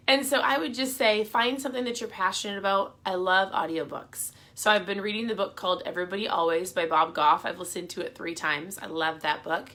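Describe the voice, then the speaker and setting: A middle-aged woman talks to her viewers in a casual, encouraging way. Her voice is bright and forward, and her pitch sits in an ordinary middle range. She sounds chatty and upbeat as she hands out motivational tips. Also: fairly even intonation, a little fast, few pauses. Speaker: vlogger giving motivational advice. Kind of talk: casual motivational talk to camera.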